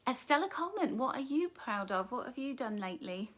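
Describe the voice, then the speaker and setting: A middle-aged woman talks on a live stream, reading out comments and answering them with terms of endearment. Her voice sits a little high for a woman. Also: big pitch swings, brisk. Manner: warm, affectionate, calls viewers darling and my love. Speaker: author hosting a live book launch.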